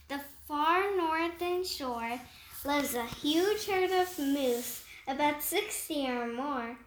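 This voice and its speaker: A woman reading a rhyming picture book aloud, slowly and carefully, with small stumbles. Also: high-pitched, animated, slight background noise. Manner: slow, careful read-aloud pace with occasional stumbles. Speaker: storyteller. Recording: echoey room.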